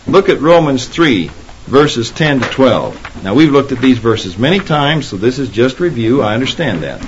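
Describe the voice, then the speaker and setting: A man's voice: mid-range voice, big pitch swings, normal speed. Male preacher, emphatic sermon delivery, dull lo-fi tape with faint hiss. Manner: emphatic, rises when quoting Scripture.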